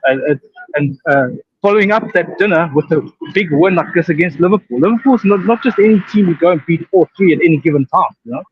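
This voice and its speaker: A man's voice: on the high side, expressive, quick pace, lo-fi sound, slight background noise. A man from South Africa with a South African accent, calling in to chat about a football win, emphatic in his speech. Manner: emphatic, says "straight up". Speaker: caller. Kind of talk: casual call-in chat.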